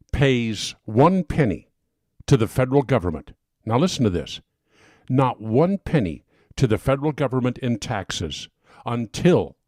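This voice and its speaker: A man's voice: medium pitch, darkish tone, no room sound, clean studio sound. A man hosting a talk show, delivering an impassioned monologue that keeps building into emphatic bursts. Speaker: talk radio host. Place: home studio.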